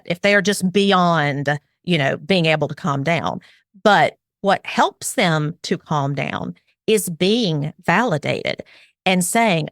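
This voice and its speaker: Middle-aged woman, parenting expert guest; earnest and explanatory, lowish voice, dry close sound. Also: slow pace, dry recording. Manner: earnest and explanatory, acts out parent and child lines. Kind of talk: interview, giving advice.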